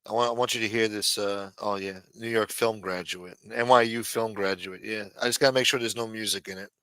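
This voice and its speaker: A man's voice: on the low side, steady tone, a little fast, a bit bright, smooth, no room sound, rough recording. A man co-hosting a casual livestream chat, talking in a profane, offhand way. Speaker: co-host.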